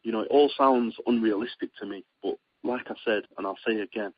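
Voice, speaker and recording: Man, young, from Britain, husky, lowish voice, rambling with fillers, dull lo-fi line. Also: fairly quick, no echo. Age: young adult. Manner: rambling, many fillers and restarts, excitable when storytelling. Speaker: boxer being interviewed. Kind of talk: casual phone interview.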